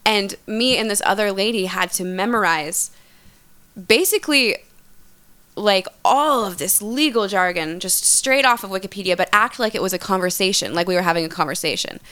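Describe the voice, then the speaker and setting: A woman's voice: mid-range voice, moderate pace, pushed and bright, clean tone. A young woman chatting as a guest, talkative and loose, with lots of fillers and casual swearing. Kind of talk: casual chat.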